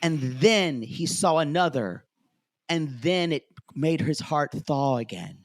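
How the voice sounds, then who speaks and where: A man's voice: fairly high pitch, slow, dry recording. A man co-hosting a podcast, chatting casually about a reality show and acting out what the cast members said. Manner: animated, quotes cast members in put-on voices. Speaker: podcast co-host.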